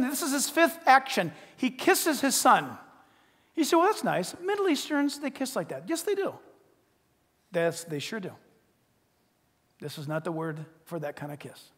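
Brief: high-pitched male preacher, dramatic and animated, with a long sanctuary reverb. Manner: animated storyteller, swinging from loud to hushed. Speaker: pastor. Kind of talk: sermon.

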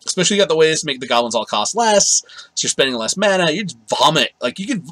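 A man's voice: on the high side, sing-song, fast, a bit bright, no room sound, poor audio. A man giving a casual, rambling card game review, often correcting himself and laughing.

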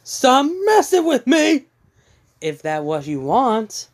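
A man voicing a desperate young male hero in a fan story retelling, shouting in anguish. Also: on the high side, a little slow, close to an everyday voice.

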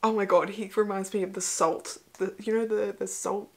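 A woman's voice: mid-range voice, steady tone, normal speed, faint music behind. A young woman hosting a casual movie reaction, chatty and emotional, with whispered asides. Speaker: host.

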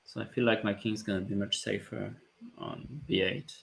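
A man, a chess grandmaster calmly thinking aloud about his moves during a live stream, with light jokes. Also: fairly low pitch, normal speed, creaky. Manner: calm, thinking aloud move by move, light joking. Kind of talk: live-stream commentary on his own play.

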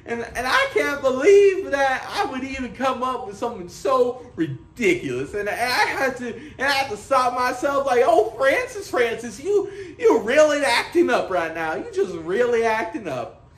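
A man's voice: extremely high pitch, animated, moderate pace, few pauses, a bit bright. A man playing a dreamy, childlike 1950s singer-songwriter who rambles and giggles through a mock documentary interview. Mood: giggly. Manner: rambling, giddy, prone to giggling. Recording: roomy echo.

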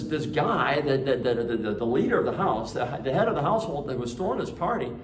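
A man's voice: fairly high pitch, darkish tone, slight background noise. A man, a Catholic priest, reading the Gospel and giving a homily at daily Mass in a conversational way, with many fillers and restarts. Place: church. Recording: echoey church from a distant mic.

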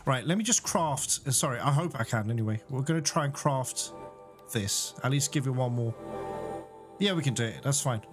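A man's voice: medium pitch, lively intonation, moderate pace. A man giving chatty let's-play commentary, laughing often and bursting out in exasperation at the game. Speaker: gaming YouTuber. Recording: game music playing behind the voice.

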